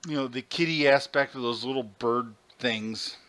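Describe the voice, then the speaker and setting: Bright-voiced, profane man chatting. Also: medium pitch, normal speed, clear, resonant tone. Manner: animated, profane storyteller. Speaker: podcast co-host. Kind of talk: casual podcast chat.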